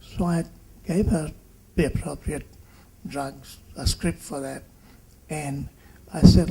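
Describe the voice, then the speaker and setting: A man in his seventies from Fiji, a doctor giving a halting reunion speech that turns into an animated patient story. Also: a little high, husky, rough recording. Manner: halting, with restarts and animated quotes.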